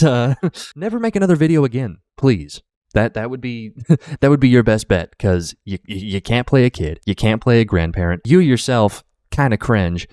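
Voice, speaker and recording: A man's voice: mid-range voice, no echo, studio quality. A male reaction video host who rants in exasperated, profane, casual talk. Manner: exasperated, ranting.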